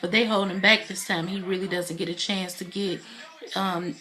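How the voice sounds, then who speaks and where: A woman's voice: lowish voice, fairly even intonation, normal speed, bright, forceful tone. A woman giving a casual spoken recap of a reality TV episode, retelling scenes in a chatty way with many fillers. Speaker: TV reality show reviewer.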